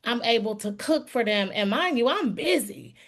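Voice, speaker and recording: A woman's voice: fairly high pitch, expressive, normal speed. Earnest middle-aged woman giving a testimony. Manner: earnest, calls listeners y'all. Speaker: sales team member giving a testimonial. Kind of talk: heartfelt testimonial.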